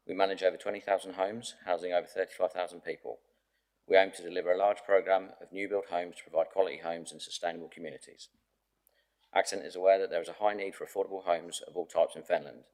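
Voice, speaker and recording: Man, low voice, fast reading, developer's statement, formal and promotional, desk mic. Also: darkish tone. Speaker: applicant, housing developer. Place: council meeting chamber. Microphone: desk microphone.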